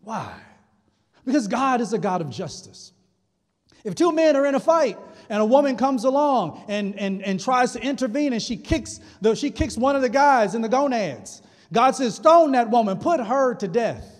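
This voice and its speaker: A man's voice: extremely high pitch, animated, moderate pace. A male pastor preaching a sermon, retelling scripture in a casual, humorous way. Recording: long hall reverb.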